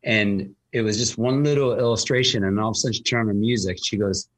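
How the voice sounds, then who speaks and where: A man's voice: fairly low pitch, steady tone, fast. A man talking casually as a host, telling a long story with lots of fillers and restarts. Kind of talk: casual conversation.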